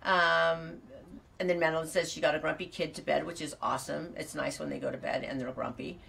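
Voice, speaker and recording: A woman's voice: low voice, steady tone, fairly quick, gravelly, a bit bright, distant mic. A woman from California chatting casually and rambling as she reads out viewer comments, laughing often. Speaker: farm vlogger reading viewer comments. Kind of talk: casual chat.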